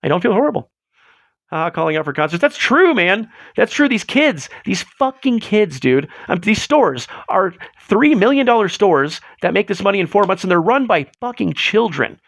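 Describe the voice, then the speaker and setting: A man hosting a live show in casual chat, rambling and excitable as he tells stories, swearing freely, on a close mic. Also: sits high, moderate pace, vocal fry, no room sound. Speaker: livestream host.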